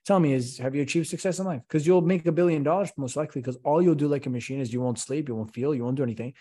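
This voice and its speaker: A man's voice: a little high, very fast, breathy edge. Passionate man talking about leadership. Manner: passionate, animated, rhetorical questions. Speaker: podcast guest, company CEO. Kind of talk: conversational interview.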